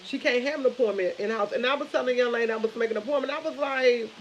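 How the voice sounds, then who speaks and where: A woman's voice: fairly high pitch, very fast, dull audio, slight background noise. A woman chatting casually on a live stream, rambling and retelling conversations with family. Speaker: vlogger.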